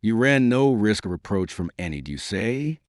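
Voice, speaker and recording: A man's voice: on the low side, very animated, normal speed, dry recording. A man voicing a grieving, scornful young noblewoman who speaks in an accusing, bitter way.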